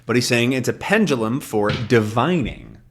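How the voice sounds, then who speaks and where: A man teaching English in a relaxed way, explaining words simply and often checking that learners follow him. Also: mid-range voice, normal speed, slightly rough. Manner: animated, checks in often with questions.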